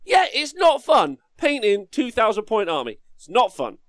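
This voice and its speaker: A man's voice: high voice, huge pitch swings, moderate pace, a bit bright, dry recording, clean studio sound. A man co-hosting a casual hobby podcast, ranting brashly with lots of swearing. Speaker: podcast co-host.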